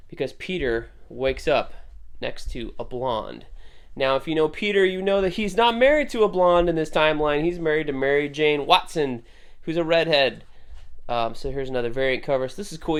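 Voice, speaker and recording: A man's voice: medium pitch, clean tone. A man hosting a casual comic book review video, rambling and correcting himself as he talks. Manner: rambling, self-correcting, conversational. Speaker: host.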